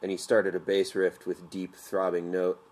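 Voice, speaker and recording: Deep-voiced man narrating a story. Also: completely flat delivery, darkish tone. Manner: measured, vivid storytelling. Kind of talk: audiobook narration.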